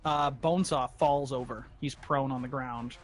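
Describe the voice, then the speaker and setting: A man's voice: mid-range voice, steady tone, normal speed, soft background music. A man narrating as game master, laid-back and often chuckling.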